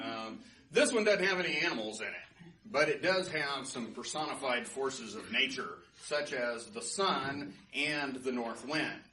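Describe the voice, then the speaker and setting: A man's voice: medium pitch, bright, forceful tone. A man telling stories to a live class in a casual, chatty way, often checking in with his listeners. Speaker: storytelling teacher. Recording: roomy live class, distant mic, faint noise.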